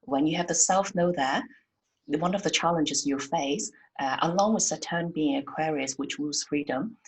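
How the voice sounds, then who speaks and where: Soft-spoken woman with a low husky voice. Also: moderate pace, low-quality recording. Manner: soft-spoken, hesitant, many fillers. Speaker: podcast guest, astrologer. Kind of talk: casual conversation.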